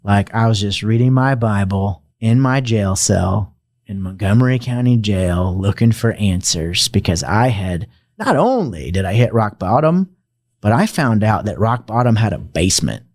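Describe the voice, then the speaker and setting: A man's voice: lowish voice, big pitch swings, moderate pace, darkish tone, dry recording, clean studio sound. A man speaking as a podcast guest, telling his personal story in a heartfelt, emotional and reflective way. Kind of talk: personal testimony in conversation.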